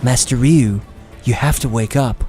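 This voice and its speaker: A man's voice: medium pitch, a little slow, warm tone, faint music behind, pitched below the performer's own voice, close to an everyday voice. A man voicing an earnest young female ninja who pleads with her master to wake up, in a joking game-stream skit. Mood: pleading.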